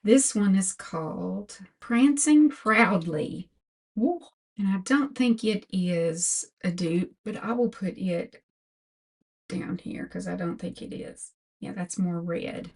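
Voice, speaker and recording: A woman's voice: medium pitch, breathy edge. An older woman giving a chatty makeup tutorial as a beauty vlogger, talking through products one by one. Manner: slow, chatty product talk.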